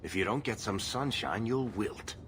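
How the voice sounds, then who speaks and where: An actor playing a wry, teasing dwarf rogue in a game, with dry banter. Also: male voice, fairly low pitch, lively intonation, normal speed, a bit bright, a little hiss or hum.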